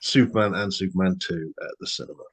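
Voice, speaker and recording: Low-voiced laid-back man. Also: fairly even intonation, fast. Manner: laid-back, swears casually, short agreeing murmurs. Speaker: podcast co-host. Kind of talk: casual film chat.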